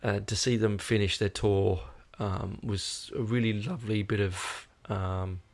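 Tired, gravelly Australian man rambling casually. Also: lowish voice, steady tone, unhurried. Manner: rambling, hesitant, many fillers. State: tired, yawning. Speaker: podcast host. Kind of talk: casual chat to viewers.

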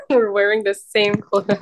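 A woman's voice: medium pitch, background noise. A woman co-hosting a podcast in casual chat, laughing often. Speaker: podcast co-host.

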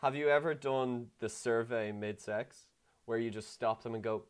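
A man, co-hosting a podcast and telling candid stories with lively delivery. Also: moderate pace, smooth. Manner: animated storyteller who jumps into high voices. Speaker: podcast co-host. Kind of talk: casual chat.

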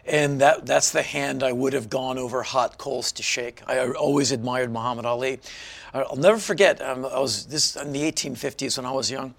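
A man's voice: medium pitch, steady tone, moderate pace, gravelly, a bit bright. A man in his fifties from Washington, D.C., a guest in a casual interview, telling stories with animation and acting out other people's lines. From Washington, D.C., USA. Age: 50s.

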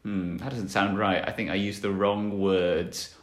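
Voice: deep voice, flat delivery, a little slow, roomy sound. A podcast co-host in casual chat, joking and laughing often. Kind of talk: casual chat, guessing game.

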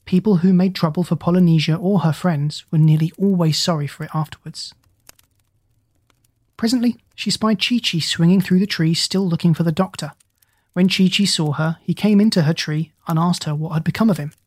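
A reader narrating a children's storybook in a steady, gentle way. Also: medium pitch, normal speed, no room sound. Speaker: audiobook reader.

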